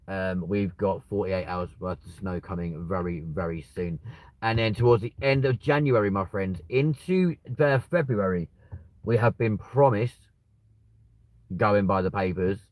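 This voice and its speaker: A man, hosting a livestream and chatting casually with viewers, rambling and swearing with sudden bursts of excitement. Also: on the low side, dry recording, low-quality recording. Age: 20s. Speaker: livestream host. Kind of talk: casual live chat reading viewer comments.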